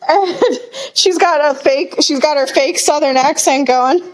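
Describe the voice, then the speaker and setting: A woman with a somewhat high voice retells scenes with animated energy and frequent laughter. She is one of two hosts in a casual podcast recapping a TV show. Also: moderate pace, low-quality recording. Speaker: podcast co-host.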